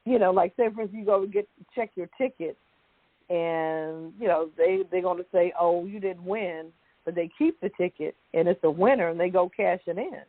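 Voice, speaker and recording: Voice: mid-range voice, normal speed, no room sound. A talk show co-host reading a news item and chatting, laughing easily and restarting sentences. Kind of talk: casual chat, reading news. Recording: dry, tinny phone-like line.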